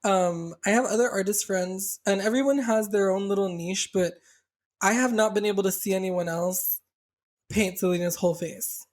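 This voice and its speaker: A young man with a South Texas accent, co-hosting a casual podcast chat, talking freely with lots of "like" fillers and quick restarts. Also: sits high, steady tone. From Rio Grande Valley, South Texas. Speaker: podcast co-host, drag performer.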